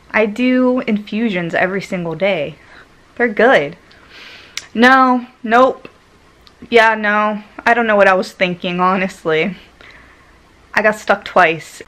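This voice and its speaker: A woman vlogger telling a personal story in a casual way, laughing often and swinging between loud and hushed tones. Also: medium pitch.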